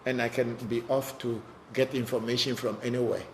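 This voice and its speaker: A man's voice: medium pitch, flat delivery, a little fast, slight background noise. A man, a spiritual teacher, answering viewer questions in a live online session, talking bluntly and often repeating words as he goes.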